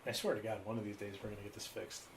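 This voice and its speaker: Against a noisy background, a podcast co-host on a live stream races through casual, rambling chat, teasing himself while he fills time. His voice is lowish with a level tone.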